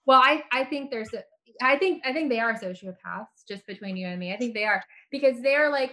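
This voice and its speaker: Animated American woman, high voice. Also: fairly quick. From United States. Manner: animated, rises sharply when exasperated. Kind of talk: casual political conversation.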